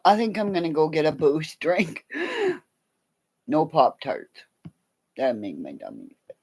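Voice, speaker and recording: A woman from Canada chatting on a late-night livestream, playful and rambling, swinging between loud calls and quiet mutters. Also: low-pitched, wildly swooping pitch, a little slow, slightly rough.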